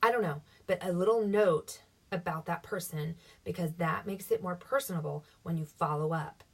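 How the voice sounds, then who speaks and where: A woman coaches her sales team in a chatty, upbeat teaching talk, frequently acting out what to say to customers. Her husky, lowish voice moves at a moderate pace and sits somewhat distant from the mic.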